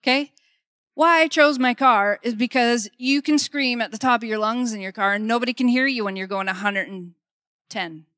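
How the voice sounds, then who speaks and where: High-voiced emphatic woman preacher. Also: moderate pace, a bit bright, dry recording, studio quality. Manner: emphatic, repeats key phrases, checks in with "okay?". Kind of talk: conversational sermon.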